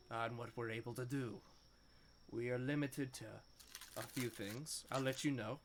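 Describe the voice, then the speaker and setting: A man voicing a formal cleric who lays out the rules for speaking with the dead in a measured way. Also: mid-range voice, slight background noise, close to an everyday voice.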